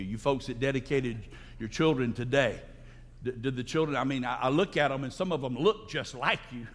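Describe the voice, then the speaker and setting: A pastor with a fairly high voice preaches a sermon to his congregation in a church sanctuary. He hammers his points home with sudden, loud, soaring emphasis, and a long reverb from the hall trails his words.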